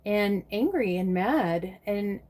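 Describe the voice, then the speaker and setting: A woman's voice: medium pitch, expressive, takes it slowly, warm tone. A woman from the United States chatting casually on a livestream, answering viewers by name and swearing freely. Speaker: live streamer chatting with viewers.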